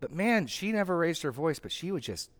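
A man's voice: on the high side, sing-song, brisk. A middle-aged man leading a Bible study as its pastor, conversational and full of restarts and asides while teaching a group.

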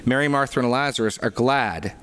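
A man's voice: medium pitch, brisk, a bit bright, smooth. A man leading a sermon discussion, reading aloud and explaining with earnest emphasis and frequent restarts. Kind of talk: reflective teaching discussion.

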